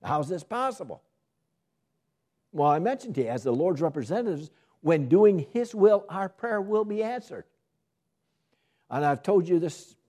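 A man's voice: on the high side, dark tone, breathy edge. A man preaching a sermon, asking the congregation questions and often repeating and restarting his phrases.

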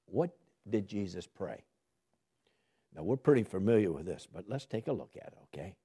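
Male Bible teacher, sermon delivery, husky, animated pitch, questions his listeners. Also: moderate pace. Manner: asks the listeners questions and answers them himself; lively, rising emphasis on key words. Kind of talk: sermon-style Bible study.

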